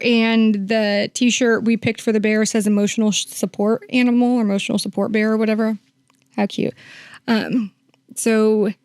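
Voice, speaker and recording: A woman's voice: on the high side, darkish tone, no echo, studio quality. A woman working as a hospice nurse, telling a long story in a podcast interview, with many fillers and quoted lines acted out.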